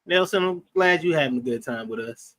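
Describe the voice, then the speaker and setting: A man's voice: a little high, animated, brisk, a bit bright. A man hosting a casual show, laid-back and stammering as he talks. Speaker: host. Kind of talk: casual banter.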